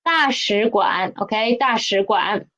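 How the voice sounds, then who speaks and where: A woman's voice: mid-range voice, fairly bright tone, poor audio. A woman teaching a Chinese language lesson, asking questions and having learners repeat words after her. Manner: slow, questioning teacher talk with repeated drills.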